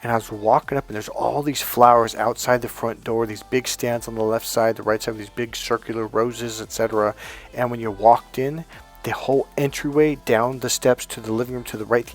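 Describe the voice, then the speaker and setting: A middle-aged man giving dating coaching and telling a personal story in an earnest, emphatic way, sometimes acting out what others said. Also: medium pitch. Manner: earnest, emphatic, acts out quotes.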